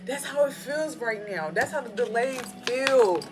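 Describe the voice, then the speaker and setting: A woman's voice: on the high side, lively intonation, measured pace, few pauses. A woman giving a casual, slangy spiritual pep talk while reading tarot cards. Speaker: tarot reader. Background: background music.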